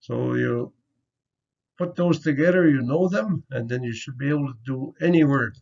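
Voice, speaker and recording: A man teaching word sounds in an online lesson, explaining slowly and patiently in a folksy, easygoing way. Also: mid-range voice, creaky, a little mellow. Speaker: language teacher. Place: home or office, virtual conference. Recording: muffled lo-fi audio.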